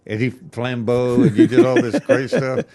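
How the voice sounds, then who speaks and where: A man's voice: medium pitch, wildly swooping pitch, normal speed, vocal fry, crowd noise. A man hosting a talk show, reminiscing and telling anecdotes in casual chat. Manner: friendly reminiscing, tells anecdotes. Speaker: TV host.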